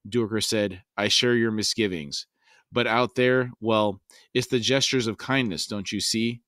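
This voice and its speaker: A man's voice: lowish voice, steady tone, a little slow, fairly bright tone, no echo, clean studio sound. A man co-hosting a book podcast, reading passages aloud with light character inflection and adding commentary.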